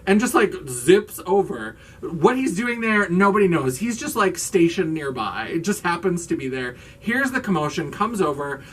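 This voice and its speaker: A man's voice: high-pitched, very animated, normal speed, hardly any pauses, husky, far from the mic. Chatty, sarcastic man recapping a movie. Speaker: drag queen video host.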